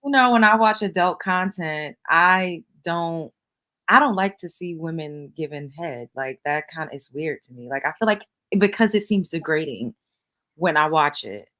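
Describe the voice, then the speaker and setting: A woman hosting a casual late-night chat in her low, relaxed night voice. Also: moderate pace. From New York. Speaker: host.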